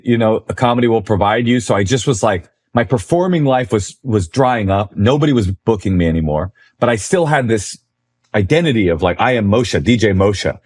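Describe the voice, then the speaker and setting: A man in his forties, a comedian guest, telling a story in a conversation, animated and self-deprecating. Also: fairly low pitch.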